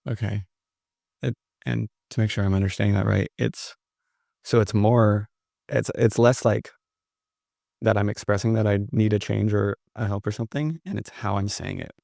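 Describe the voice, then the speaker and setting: Low, gravelly, hesitant male host. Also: fairly even intonation, moderate pace, darkish tone, dry recording, studio quality. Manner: hesitant, searching, many fillers. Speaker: podcast host. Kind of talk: interview questions.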